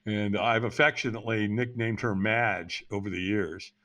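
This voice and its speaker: A man's voice: on the low side, fairly even intonation, moderate pace, fairly bright tone. A man in his sixties telling his life story as a podcast guest, frank and blunt with casual swearing. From United States. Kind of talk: candid personal storytelling.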